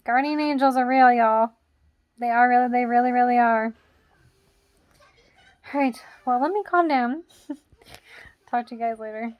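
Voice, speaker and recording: A woman's voice: on the high side, normal speed, long pauses, dull audio. A young woman vlogger telling a story in a casual, rambling way, full of "like" fillers, still shaken and jittery.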